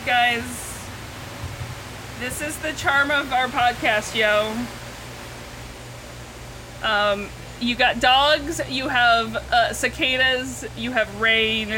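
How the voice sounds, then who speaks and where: A woman co-hosting a podcast in casual chat, recapping a TV episode outdoors. She laughs often and acts out characters in quick bursts. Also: a little high, steady tone, sharp tone, a little hiss or hum, poor audio. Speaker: podcast co-host. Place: outdoors in a backyard, recording socially distant.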